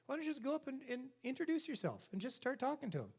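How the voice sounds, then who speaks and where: A man's voice: very high voice, very animated, quick pace, slightly rough, pitched above the performer's own voice, heavily acted. A man voicing a young pet shop clerk who talks in a dry, matter-of-fact way.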